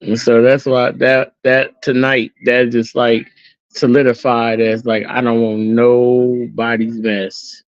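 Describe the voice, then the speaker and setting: A man's voice: medium pitch, flat delivery, slow pace, dry recording. A man in the middle of his range talks in a heartfelt, casual way. He circles back over his points and keeps checking in with "you know what I'm saying." The sound is dry and muffled, like a lo-fi home recording. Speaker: host.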